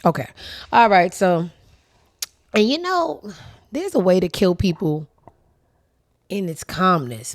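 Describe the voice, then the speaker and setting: A woman's voice: mid-range voice, sing-song, unhurried, long pauses. A woman hosting a casual commentary show, sassy, blunt and profane, speaking. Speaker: host.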